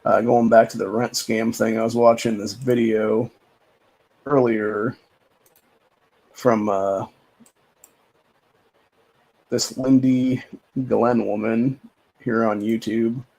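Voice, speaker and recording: A man's voice: medium pitch, level tone, slow pace, creaky, pauses often, a little mellow, rough recording. A man hosting a livestream, talking in a rambling, profane, casual rant with lots of repeated filler phrases. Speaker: livestream host.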